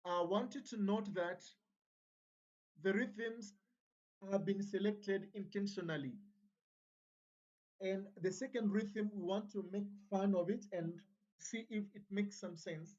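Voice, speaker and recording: A woman's voice: medium pitch, takes it slowly, pauses often, darkish tone, muffled recording. A woman teaching a music revision lesson, counting beats aloud and chanting rhythm syllables.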